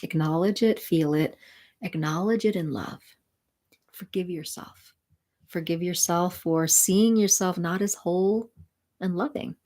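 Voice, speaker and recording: A woman spiritual mentor and sound healer, talking gently and soothingly to viewers of a live stream. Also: on the low side, a little slow.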